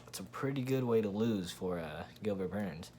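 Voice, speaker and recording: A man's voice: low-pitched, animated, moderate pace, warm tone, a little hiss or hum. A man hosting his own channel, giving a blunt, profane, rambling casual opinion rant with frequent restarts. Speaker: MMA commentary channel host.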